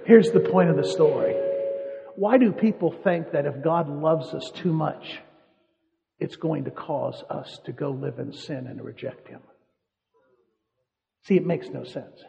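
A man's voice: on the high side, unhurried, vocal fry, pauses often, crowd noise. A man preaching a sermon, telling stories and repeating his points for emphasis. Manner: storytelling, emphatic repetition. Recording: muffled hall reverb.

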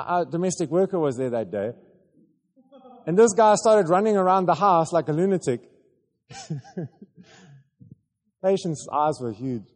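A male preacher telling a story in a sermon, animated and halting, with many restarts. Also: sits high, big-room sound.

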